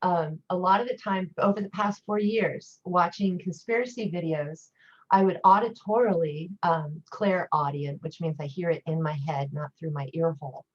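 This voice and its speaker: Speaking at normal speed in a lowish voice, a female guest teacher who is an occult priestess rambles chattily through stories in a relaxed conversation. The recording is dull and lo-fi.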